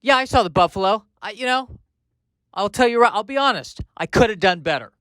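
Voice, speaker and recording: A man's voice: high voice, animated, a little fast, a bit bright, dry recording, voice pushed up. A man playing a hurt, jealous caveman who feels betrayed by his painting partner, pleading and self-pitying. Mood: hurt, accusing. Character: wounded caveman painter, male adult, jealous.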